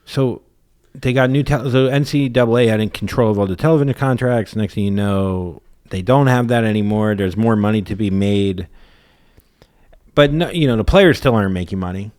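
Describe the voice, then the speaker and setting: A man's voice: on the low side, normal speed, darkish tone. Blunt, profane young man riffing. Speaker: podcast co-host. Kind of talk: casual comedic chat.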